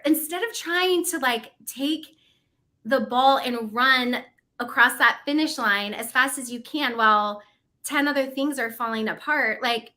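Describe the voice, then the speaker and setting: Bright, upbeat woman coaching on goals. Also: high voice. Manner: chatty and encouraging, laughs often. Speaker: co-host of a goal-setting livestream. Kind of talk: casual motivational talk.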